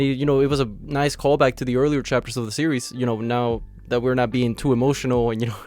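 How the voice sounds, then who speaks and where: A man hosts his own channel with a hoarse, raspy voice worn down by illness. He stays cheerful and chatty, sitting at an ordinary middle pitch and leaning on loose filler words as he walks through a manga chapter. Soft music plays faintly behind him. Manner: upbeat and chatty, full of "you know" fillers and laughs. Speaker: anime channel host. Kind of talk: casual manga chapter review.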